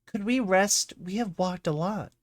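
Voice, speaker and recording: Man voicing a whiny, exhausted filly; pitched up, pleading. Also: a little slow, dry recording. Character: frightened exhausted little filly pony girl. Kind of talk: reading a horror comic aloud.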